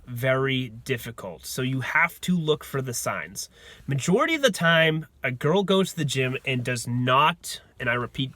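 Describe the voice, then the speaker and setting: Man, brash and swaggering, bright forceful voice, dry close sound. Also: medium pitch, no room sound. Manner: brash, swaggering and profane, repeats lines for emphasis. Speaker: dating advice vlogger. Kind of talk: direct-to-camera dating advice.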